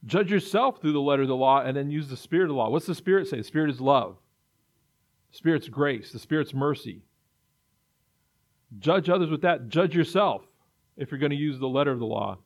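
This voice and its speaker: A man's voice: a little high, expressive, brisk, pauses often. A man preaching a sermon in an earnest way, building to emphatic repetition. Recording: dull lo-fi recording.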